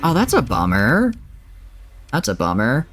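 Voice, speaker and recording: A man's voice: mid-range voice, wildly swooping pitch, unhurried, fairly bright tone, faint music behind. A man with a Southern accent, chatting and joking while streaming a space game and reading its text aloud. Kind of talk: livestream gameplay commentary.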